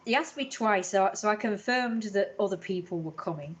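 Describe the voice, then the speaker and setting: Speaking at a moderate pace in a medium-pitched voice, an English woman vents indignantly during a relaxed home live stream. She shares strong opinions and curses without restraint.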